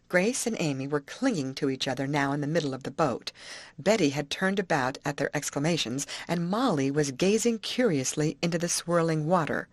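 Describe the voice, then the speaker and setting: A woman reading an adventure audiobook with expressive storytelling. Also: sits low, fairly quick, no echo. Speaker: audiobook narrator.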